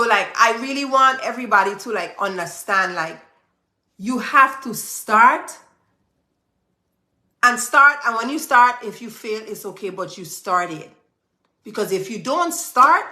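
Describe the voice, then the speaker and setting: Emphatic woman with a bright voice. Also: mid-range voice, roomy sound. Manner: emphatic, preachy, repeats phrases for stress. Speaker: business owner giving motivational advice. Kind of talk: motivational talk to camera.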